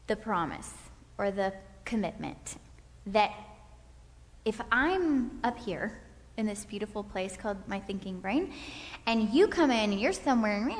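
A woman leading a faith-based parenting class from a stage, animated, acting out scenes and checking in with her listeners. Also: on the high side. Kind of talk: interactive faith-based lecture with volunteers. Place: stage in a large hall. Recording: hall reverb from a stage talk.

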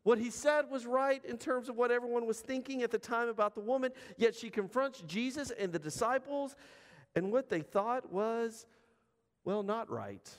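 A man with a high, light voice preaches to his congregation, conversational and direct, leaning on pauses for emphasis. His words ring out with a long reverb from the church hall around him. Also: expressive. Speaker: pastor. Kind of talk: sermon.

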